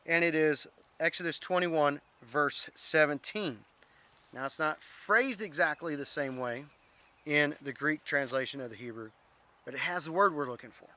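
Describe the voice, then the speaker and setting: A man's voice: fairly high pitch, moderate pace, sharp tone. A man teaching an informal Bible word study, earnest, reading scripture aloud and stumbling over Greek words.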